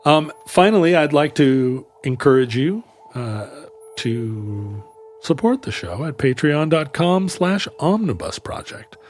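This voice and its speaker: A man co-hosting a podcast in casual chat, animated and quick to exclaim. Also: fairly high pitch, soft background music. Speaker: podcast co-host.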